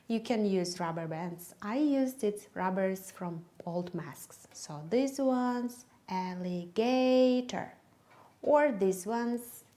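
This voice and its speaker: A Kyrgyz-accented woman presents a methodology lesson for English teachers. She talks slowly and deliberately, at a middle pitch, and draws words out to show where the stress falls. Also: darkish tone. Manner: slow, careful classroom delivery, stretching words to show stress. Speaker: teacher trainer.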